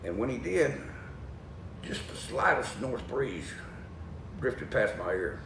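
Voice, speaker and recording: A man telling a folksy story, animated and laughing as he goes. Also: mid-range voice, slow pace, vocal fry. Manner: lively, animated, laughs through his story. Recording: echoey room, distant mic, faint noise.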